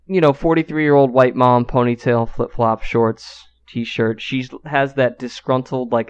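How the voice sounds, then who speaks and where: A man's voice: mid-range voice, fairly even intonation, a little slow, few pauses, clean tone. Male podcast co-host, mid-range voice, casual profane storyteller, muffled recording. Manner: loose, profane, filler-heavy.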